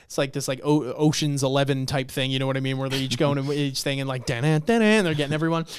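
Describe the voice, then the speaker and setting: A man on a podcast, casually recapping a webtoon and acting out the characters' lines with swearing and excitement. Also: mid-range voice, fast talker, slight background noise. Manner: animated retelling, acts out lines, swears. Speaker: podcast co-host.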